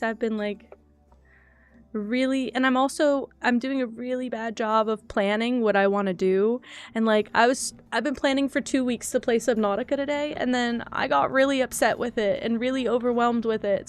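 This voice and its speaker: A woman's voice: a little high, normal speed, clean tone, soft background music. Teary young woman chatting on stream. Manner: rambling, self-deprecating, laughs often. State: teary, crying. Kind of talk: casual live-stream chat.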